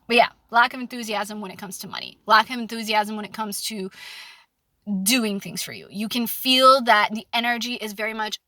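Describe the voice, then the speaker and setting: In a chatty, candid monologue about dating, a young woman leans on anecdotes and plenty of fillers as she offers her advice. She speaks at a moderate pace in a medium-pitched voice that sounds pushed and bright, on a dry recording.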